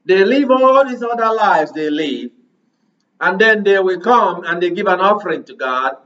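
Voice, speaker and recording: High-voiced preacher man, distant and muffled. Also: lively intonation, normal speed, fairly bright tone. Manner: rhetorical questions, emphatic preaching. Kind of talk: sermon.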